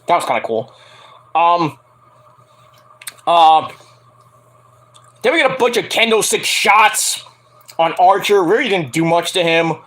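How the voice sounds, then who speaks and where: An animated man recaps a wrestling match in casual, profane talk. His voice sits high and bright. He keeps breaking into acted-out quotes between his ums. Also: measured pace, pauses often, low-quality recording. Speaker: wrestling reviewer.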